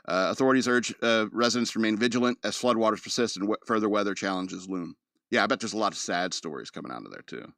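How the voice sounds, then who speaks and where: A man's voice: lowish voice, fairly bright tone, dry recording, studio quality. Man hosting a rambling news podcast. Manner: reads news articles aloud with joking asides; loose and rambling, with filler words. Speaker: podcast host. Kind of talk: casual news commentary podcast.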